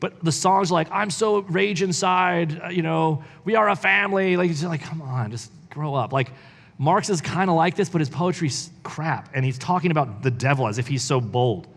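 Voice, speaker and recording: Guy reading a book out loud then ranting about it, kinda high voice, lots of "like", big echoey reverb. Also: moderate pace. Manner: heated, informal, heavy use of "like". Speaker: church reader and commentator. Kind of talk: live book reading with commentary.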